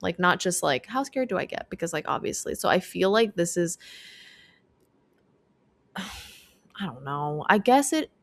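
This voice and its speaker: Very animated yet unhurried, this young podcast co-host has a lowish, creaky voice and takes long pauses. She talks casually, working through her thoughts aloud with frequent restarts, in a dry recording.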